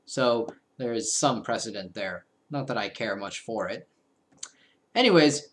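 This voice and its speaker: A man's voice: mid-range voice, expressive, a little slow, a bit bright. A young man hosting a let's play, giving casual, playful commentary that trails off into mumbled asides.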